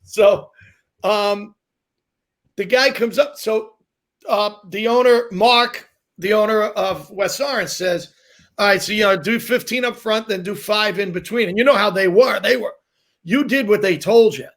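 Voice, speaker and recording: A man, a comedian, telling rambling, animated stories in casual chat, laughing as he goes. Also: sits high, measured pace.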